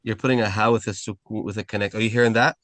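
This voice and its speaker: Male teacher, low register, dry close sound, patient, drills sounds slowly over a video call. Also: fairly even intonation, a bit bright, no echo. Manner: patient, corrects pronunciation slowly and repeats sounds. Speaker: Arabic teacher. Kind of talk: online class teaching.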